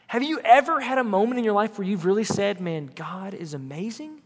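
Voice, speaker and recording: A man's voice: sits high, animated, a little fast, in a large hall. A young man giving an earnest, conversational youth sermon in a church, talking straight to middle schoolers. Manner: earnest, conversational, builds to shouting. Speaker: youth pastor.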